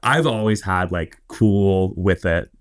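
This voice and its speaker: A man's voice: deep voice, slow, no room sound, clean studio sound. A man in his twenties from Indiana, a podcast guest telling stories in a chatty, rambling way with lots of fillers. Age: 20s. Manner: chatty, rambling with many fillers and quoted asides. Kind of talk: casual interview storytelling.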